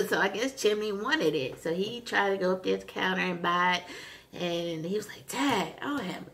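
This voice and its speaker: Gravelly-voiced woman animatedly retelling a show. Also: mid-range voice, moderate pace. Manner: animated retelling, lots of fillers and acted-out quotes. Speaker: vlogger recapping a TV episode. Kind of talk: casual chat.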